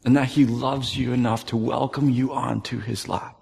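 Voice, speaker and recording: A man's voice: mid-range voice, steady tone, normal speed, vocal fry. Earnest male pastor in a reverberant hall. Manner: earnest, dropping to soft near-whispers for tender moments. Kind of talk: sermon.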